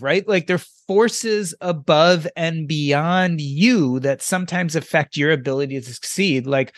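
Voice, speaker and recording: A man's voice: on the high side, dry recording, clean studio sound. A man hosting an interview, asking conversational questions and adding his own thoughts. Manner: conversational, drawing out the guest. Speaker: podcast host.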